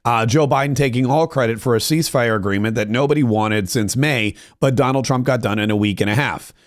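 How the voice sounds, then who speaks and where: A man hosting a political commentary podcast, talking in a sarcastic, animated way and quoting others. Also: mid-range voice, fairly quick. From United States. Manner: sarcastic, animated, quotes others in put-on voices. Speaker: podcast host.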